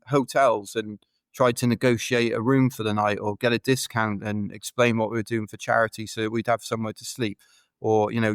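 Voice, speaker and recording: In a casual interview, a British ultra runner guesting on a podcast wanders through chatty, filler-heavy stories. He speaks in a smooth, lowish voice with no echo.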